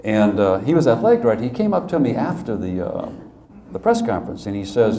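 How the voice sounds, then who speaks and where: A man giving a humorous storytelling speech as guest speaker at a club luncheon, conversational and animated, with asides. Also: medium pitch, fairly quick. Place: event hall at a club luncheon. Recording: echoey room with faint noise.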